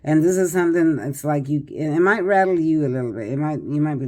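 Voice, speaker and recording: A woman's voice: low-pitched, quick pace, darkish tone. A tired older woman doing a casual tarot reading, chatty and rambling with many fillers and restarts. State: tired, yawning. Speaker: tarot reader.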